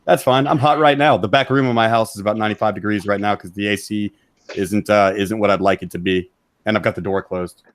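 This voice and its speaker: Fast-ranting man host. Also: fairly low pitch, steady tone, no echo, studio quality. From Texas. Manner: loud, mocking, rapid rant. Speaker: stream host. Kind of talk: profane ranting stream chat. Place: back room of his house.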